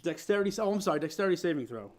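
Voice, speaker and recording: A man narrating as guest game master of a tabletop game, animated and laughing, with halting restarts. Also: high-pitched.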